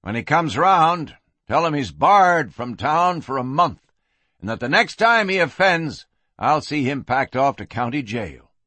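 Guy doing a tough western sheriff, barks short orders, bright voice, dry sound. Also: a little high, very animated, a little slow, no echo, full character voice. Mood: stern. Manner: clipped commands. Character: stern, hard-edged male frontier sheriff.

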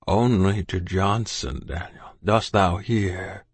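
A man reading as a frail old man on his deathbed, who pushes out slow, urgent words in a hoarse, breathy whisper. The voice sits low and sounds close and dry, with no room around it. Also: fairly even intonation, no echo, exaggerated voice. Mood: weak, urgent. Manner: slow, insistent, old-fashioned thee and thou speech. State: gasping, near death. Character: dying older Quaker man, weak, urgent. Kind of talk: audiobook character voice.

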